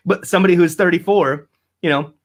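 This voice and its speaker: A man hosts a casual live-stream podcast, rambling, cursing, and laughing a lot while reading out viewer comments. He has a high voice and talks at normal speed.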